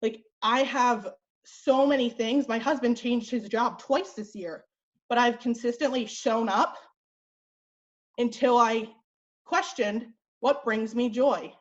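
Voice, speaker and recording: Woman, young adult, fitness coach, blunt, chatty, slightly breathless, lo-fi call sound. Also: a little high. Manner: blunt, chatty, quick with fillers. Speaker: fitness coach and team leader. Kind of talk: motivational team call.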